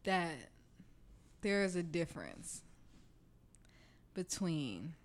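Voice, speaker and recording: A woman's voice: on the low side, very animated, very slow. A young woman in casual podcast chat, joking playfully and throwing in teasing comments and questions.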